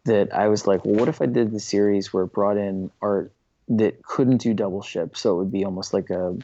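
A man's voice: on the low side, fairly even intonation, brisk, warm tone, a little hiss or hum. A man talking as a guest in a casual interview, rambling enthusiastically and often restarting his sentences. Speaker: comic book writer, interview guest. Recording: dull lo-fi dry recording.

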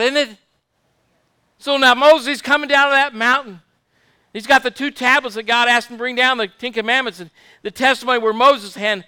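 High, bright-voiced man preaching. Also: fairly even intonation, a little fast, smooth, dry recording. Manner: fervent, repetitive, asks the congregation for amens. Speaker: pastor. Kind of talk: sermon.

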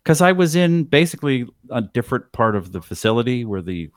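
A man's voice: mid-range voice, big pitch swings, a little fast, no room sound, clean studio sound. A man co-hosting a podcast in casual chat, with a nasal voice, stumbling and repeating words as he jokes. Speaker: podcast co-host.

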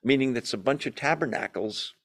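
A man leading a Bible study in a conversational, animated way, joking and acting out quotes as he goes. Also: medium pitch, fairly quick, vocal fry. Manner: animated, jokey, acts out quotes in asides. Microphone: video call or room mic, class also on Zoom.

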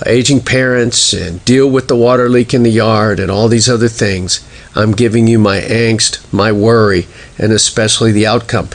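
Earnest reflective man in his sixties. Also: medium pitch. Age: 60s. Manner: earnest, reflective, speaks prayers aloud in rhythmic lists. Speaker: speaker sharing a devotional reflection. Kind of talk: personal devotional talk.

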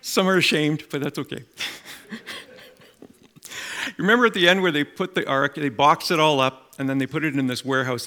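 A middle-aged man preaching a sermon, telling stories and making emphatic, animated appeals to the congregation. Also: mid-range voice. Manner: animated storytelling with acted quotes and emphatic appeals.

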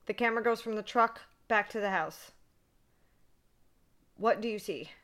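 A woman co-hosting a horror podcast, recapping a movie in casual, excitable chat, swearing freely and saying "like" a lot. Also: mid-range voice, normal speed.

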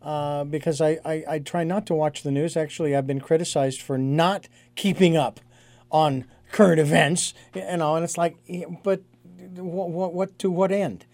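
Guy hosting an interview, mellow kinda high voice, thinks out loud, lots of restarts. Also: steady tone, no echo. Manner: reflective, halting with restarts. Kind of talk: conversational interview.

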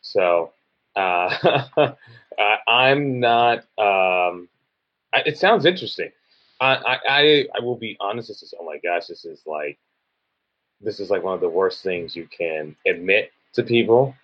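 A man's voice: lowish voice, animated, measured pace, highs cut off. A man who writes and produces plays, chatting casually and rambling with lots of "like". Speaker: playwright and producer. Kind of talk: casual chat.

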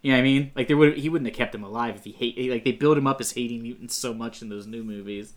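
A man's voice: mid-range voice, fast talker. Brief: a man in casual podcast banter who laughs a lot and pokes holes in movie logic. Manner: laughs often, nitpicky, mock-quotes characters. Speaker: podcast co-host. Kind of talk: casual movie review chat.

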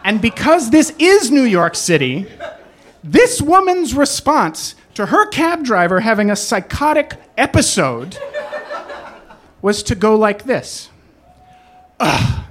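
A storyteller telling a personal story on stage, animated and acting out every quote. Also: mid-range voice, slow, a little hiss or hum.

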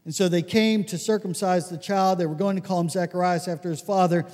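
A man preaching a conversational sermon, telling stories with lots of restarts and animated asides. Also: sits high, a little fast, in a large hall. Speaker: pastor.

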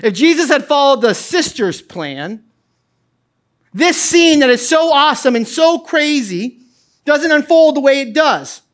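A man's voice: extremely high pitch, very animated, unhurried. Impassioned male pastor preaching. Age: middle-aged. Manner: impassioned, swings from quiet to loud; casual asides with laughs. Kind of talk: sermon.

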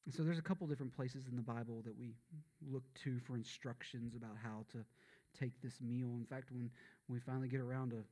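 Male pastor with a Southern accent, mid-pitched, preaching with intensity that swells and falls. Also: fairly even intonation, fairly quick, hardly any pauses, mellow. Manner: impassioned, building to emphatic peaks then dropping low and solemn. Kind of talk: sermon.

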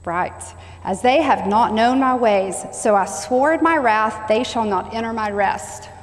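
A woman's voice: fairly high pitch, unhurried. A woman preaching a sermon, repeating key phrases and asking the congregation to say them back. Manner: call-and-response preaching, stressing repeated phrases. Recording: long hall reverb.

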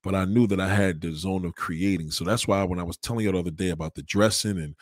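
A man with a lowish, husky voice talks to viewers on a livestream. He rambles and swears, pushing hard on some lines and dropping low on others. The sound is dry and close. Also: no echo. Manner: rambling, emphatic and profane, swings between loud and quiet. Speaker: livestreamer taking donations. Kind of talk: casual livestream talk.

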